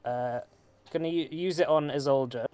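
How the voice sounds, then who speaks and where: Relaxed young man running a game. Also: fairly high pitch, normal speed, smooth. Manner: relaxed, hesitant, many filler sounds. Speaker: game master. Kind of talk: running a tabletop game online.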